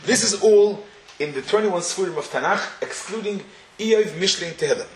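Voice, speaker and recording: A man's voice: high voice, normal speed. Man, Torah teacher, chants verses, repeats words while thinking, faint background noise. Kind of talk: lecture-style shiur. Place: synagogue. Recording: echoey room with faint noise.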